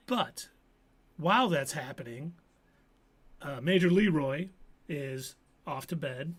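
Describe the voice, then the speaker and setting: A man with a fairly high voice speaks slowly as he hosts a live stream. He's a podcast host giving a casual, lively recap of a TV episode, performing quotes from the characters.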